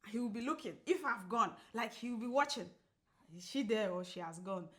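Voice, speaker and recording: Lively woman acting out a story. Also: fairly quick. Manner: animated, acts out quoted dialogue with big pitch jumps; laughs often while telling. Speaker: podcast co-host. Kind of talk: casual storytelling chat.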